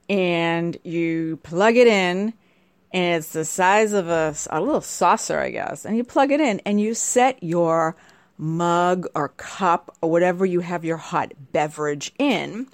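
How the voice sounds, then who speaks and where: A woman's voice: lowish voice, dry recording. A woman host ranting in a casual, sarcastic, scolding way. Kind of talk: casual comedic rant.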